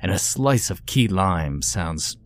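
A man voicing a sinister, overly polite male stranger who speaks softly with quiet menace, in a horror story reading. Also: deep voice, animated, slow pace. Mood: mock courteous. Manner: soft, courteous, quietly menacing.

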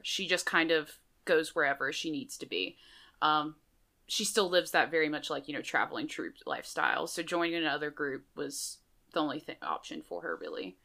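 A woman with a bright, clear voice pitched a little low describes her tabletop game character. She talks in a chatty way and hesitates often with fillers. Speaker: player. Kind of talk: casual tabletop character introduction.

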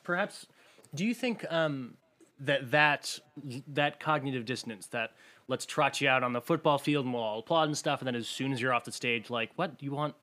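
Man asking halting, thoughtful questions. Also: medium pitch, pushed and bright.

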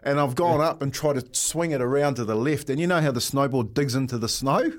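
A man's voice: mid-range voice, brisk. Laughing New Zealand man telling stories. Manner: animated storyteller, laughs often, says "mate". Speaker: radio host. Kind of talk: casual radio chat.

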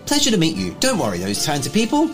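A man's voice: on the high side, huge pitch swings, fast talker, faint music behind, pitched above the performer's own voice. A man voicing a polite, eager young boy wizard who sounds friendly and concerned.

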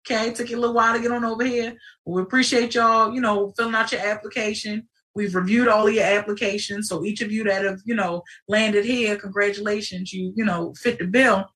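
A woman's voice: mid-range voice, steady tone, brisk, a bit bright, far from the mic, lightly acted. A woman voicing a smug, falsely cheerful orientation greeter with breezy, condescending welcome patter. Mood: mock cheerful.

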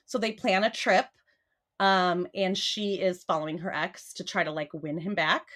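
A woman's voice: lowish voice, fairly even intonation, moderate pace, fairly bright tone. Chatty woman author talking casually. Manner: chatty, filler-heavy, laughs through sentences. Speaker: author guest. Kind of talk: casual podcast chat.

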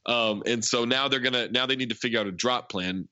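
A man co-hosting a podcast, retelling film scenes in an animated way, full of "like" and laughter. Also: mid-range voice, a little fast, no echo, highs cut off. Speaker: podcast co-host. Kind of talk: casual movie recap chat.

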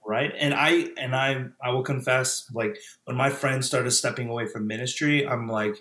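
A man's voice: mid-range voice, fairly even intonation, normal speed, sharp tone, roomy sound. A man in his thirties, a former pastor, speaking as a podcast guest in a reflective, casual way with frequent fillers and restarts. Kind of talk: casual conversational interview.

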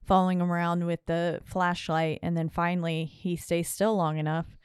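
A woman's voice: on the low side, flat delivery, moderate pace, a little mellow, clean tone, no echo, studio quality. A woman co-hosting a podcast, recapping a horror film in casual, filler-heavy chat while checking her notes. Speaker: podcast co-host.

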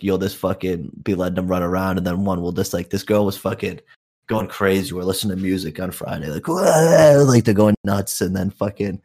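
A man's voice: low-pitched, darkish tone. A young man, a youth program counselor, telling profane stories in a rambling casual chat full of "like" and "dude".

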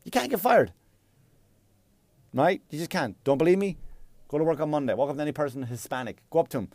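A man doing a stand-up comedy routine, profane and rambling, with loud mocking outbursts. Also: fairly high pitch, racing, dry recording. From Ireland.

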